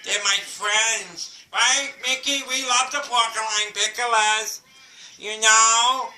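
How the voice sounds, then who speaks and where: A man's voice: high-pitched, fairly even intonation, takes it slowly, pushed and bright, exaggerated voice. Man doing a childlike Southern boy, East Tennessee twang, brassy tone, echoey and distant. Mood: chatty. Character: sweet simple-minded ten-year-old boy. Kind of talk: comedy skit monologue. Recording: roomy, away from mic.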